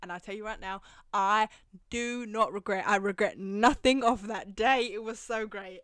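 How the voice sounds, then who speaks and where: A woman's voice: medium pitch, moderate pace, no room sound. Young woman, solo podcast host, gossipy and profane, mid-range voice, dry close sound. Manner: profane, gossipy and animated, laughs often. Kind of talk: casual storytelling monologue.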